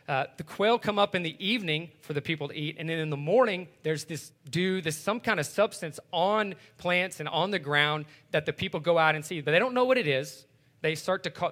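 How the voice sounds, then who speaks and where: Bright-voiced man teaching scripture casually. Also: fairly high pitch. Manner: explains casually, often checking in with "right?". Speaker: Bible teacher. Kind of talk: conversational Bible teaching.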